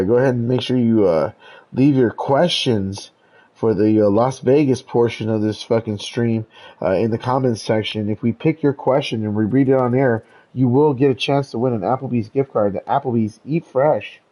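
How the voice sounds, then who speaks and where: A man's voice: medium pitch, moderate pace, warm tone, low-quality recording. A young man telling a story in casual chat, rambling and profane, with lots of stammered restarts. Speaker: podcast host telling a story.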